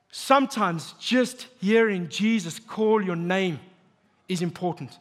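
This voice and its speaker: A married man preaching a sermon as pastor, emphatic and building to near shouts. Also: sits high, unhurried. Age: adult, married. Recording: long hall reverb.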